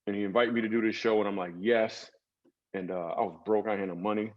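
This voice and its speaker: A man, a comedian guest in an interview, telling stories in a lively comic way with acted asides. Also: lowish voice, quick pace, dull audio. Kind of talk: storytelling interview talk.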